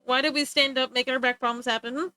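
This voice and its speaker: A woman livestreaming while she draws, chatting in an animated, joking, self-mocking way and laughing easily. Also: sits high, fast talker, smooth, no room sound, poor audio. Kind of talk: casual stream chat while drawing.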